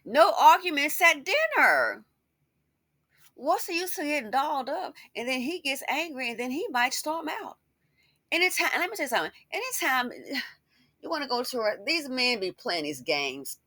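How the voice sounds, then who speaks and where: A woman's voice: sits high, big pitch swings, normal speed, bright, forceful tone, dry recording, clean studio sound. A woman giving sassy, scolding commentary in a casual style. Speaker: commentary host.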